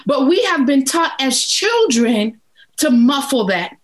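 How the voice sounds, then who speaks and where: Woman with a high voice and an unhurried delivery, talking about grief as a guest, firm and repetitive for emphasis. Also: sing-song, rough recording. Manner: slow, emphatic, repeats for emphasis. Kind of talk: interview, earnest advice.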